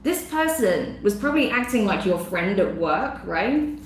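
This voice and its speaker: A woman's voice: medium pitch, very animated, a little slow. A woman giving a casual tarot reading, effusive and emotional, chatty with lots of fillers. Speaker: tarot reader. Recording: very echoey room with faint noise.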